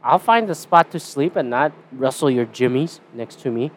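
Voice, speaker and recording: A man's voice: mid-range voice, animated, normal speed, slight background noise. A young Canadian man hosting a casual solo podcast, rambling and swearing with a sarcastic edge. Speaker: podcast host.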